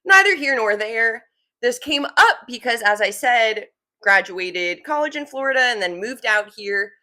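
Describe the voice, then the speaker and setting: Twenties jersey girl hosting her show, bit of an accent, super lively up and down voice, rambly and chatty. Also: a little high, measured pace. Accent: New Jersey. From New Jersey. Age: 20s. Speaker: podcast host. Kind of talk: casual chat.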